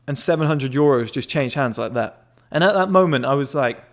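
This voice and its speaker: A young man telling a rambling, excited story in casual chat, swearing often and filling with "like" and "whatever". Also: mid-range voice, a little fast. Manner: excitable, swears a lot, rambling with many fillers. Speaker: members club founder telling a story.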